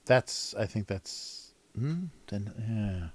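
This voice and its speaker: Slow, low-voiced middle-aged man rambling. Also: lively intonation, a little mellow. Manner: rambling, self-interrupting, laughs often. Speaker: cartoonist livestreamer. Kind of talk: casual livestream chat while drawing.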